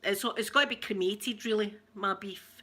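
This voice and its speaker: A woman's voice: mid-range voice, normal speed, pushed and bright. A woman with a Scottish accent hosting a casual live chat with viewers, telling stories and laughing often. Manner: chatty storyteller who laughs often. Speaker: livestream host.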